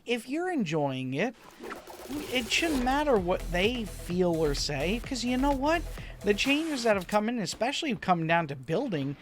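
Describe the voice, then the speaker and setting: A man giving relaxed, rambling commentary over his own gameplay, a little stuffy from a slight cold. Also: high-pitched. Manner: laid-back, rambling, chuckles to himself. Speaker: gaming video host.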